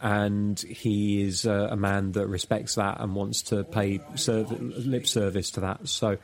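A man with a lowish voice talks casually on a podcast, pausing with fillers and restarting sentences. He laughs easily between points. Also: steady tone. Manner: chatty, laughs often, many fillers and restarts. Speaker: guest.

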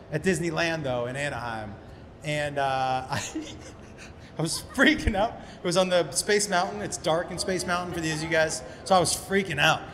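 A man's voice: fairly high pitch, fairly bright tone, slight background noise. A man from Massachusetts doing stand-up crowd work, rambling through loose, profane stories on a comedy club stage into a handheld mic. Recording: live club recording with long reverb and crowd ambience.

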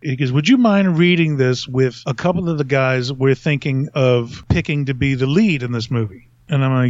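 A man's voice: medium pitch, normal speed, few pauses, darkish tone, dry recording, highs cut off. Rambling middle-aged man telling stories. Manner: rambling, self-mocking, laughs at own stories. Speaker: podcast host. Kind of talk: casual storytelling.

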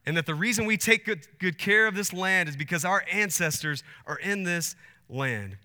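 A man's voice: high-pitched, animated, moderate pace, bright, forceful tone. A man in his thirties preaching a sermon as pastor, earnest and building to emphatic peaks. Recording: long hall reverb.

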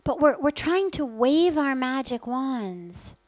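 A woman's voice: sits high, very animated, takes it slowly, no echo, rough recording. A woman spiritual teacher giving an earnest talk, telling stories and stacking up lists. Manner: earnest, gentle storytelling with many lists.

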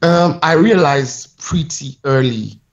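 A young man, chatting as a podcast guest and telling his story in a relaxed way. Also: on the high side, slow pace, lo-fi sound. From Nigeria. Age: young adult. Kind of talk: conversational interview.

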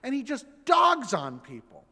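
A man in his thirties preaching as a pastor, an animated storyteller who acts out the voices in his stories. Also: extremely high pitch, measured pace. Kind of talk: sermon. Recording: long hall reverb.

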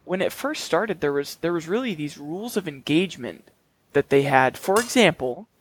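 A man's voice: fairly high pitch, lively intonation, normal speed, slight background noise. A man hosting a comedy podcast, delivering absurd facts in a dry, mock-serious manner. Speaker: podcast host. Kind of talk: deadpan comedic podcast banter.

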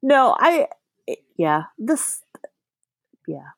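A woman co-host in casual chat, measured and agreeable, laughing along often. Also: fairly high pitch, big pitch swings, gravelly, fairly bright tone, no echo.

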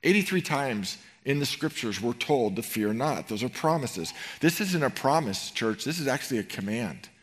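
A middle-aged man preaching a sermon in a church, animated and rhetorical, swinging between loud emphasis and quiet tenderness. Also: medium pitch, moderate pace, hardly any pauses. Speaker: pastor. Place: church sanctuary.

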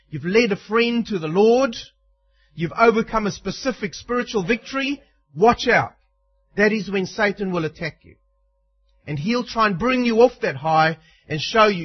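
Man, sermon, emphatic preacher, high voice, dull lo-fi sound. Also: slightly rough. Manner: emphatic, acts out quoted tempter lines.

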